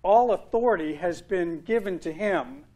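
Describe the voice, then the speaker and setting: A man's voice: sits high, normal speed, darkish tone. A male pastor preaching a sermon, earnest, with emphatic repetition and rising stress on key words.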